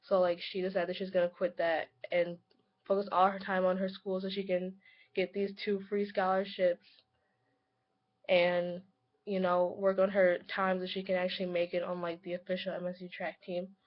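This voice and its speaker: A young woman who is sick and hoarse talks her way through a casual vlog, filling the gaps with "like" and "you know". Her voice stays flat and even, with little rise or fall. The recording is dull and lo-fi. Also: fairly low pitch, normal speed. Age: young adult. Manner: rambling, heavy use of "like". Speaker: college student vlogger.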